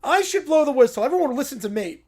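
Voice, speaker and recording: A man's voice: very high voice, lively intonation, fast, a little mellow, pitched above the performer's own voice. A man voicing a whining, sulky preschool boy who complains about everything. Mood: whiny. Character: whiny crying little preschool boy.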